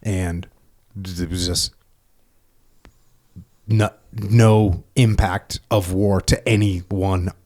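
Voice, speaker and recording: A man's voice: sits low, steady tone, extremely slow, pauses often, darkish tone. A middle-aged man hosting a podcast, talking in a reflective, casual way with frequent laughs. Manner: reflective, laughs often, restarts. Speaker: podcast host, former military. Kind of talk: casual conversation.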